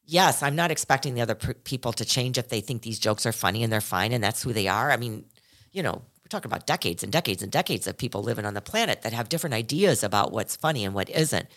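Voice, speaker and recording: A woman's voice: a bass voice, expressive, fast, fairly bright tone. A woman co-hosting a podcast in casual chat, earnest and reflective, often restarting her sentences. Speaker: podcast co-host.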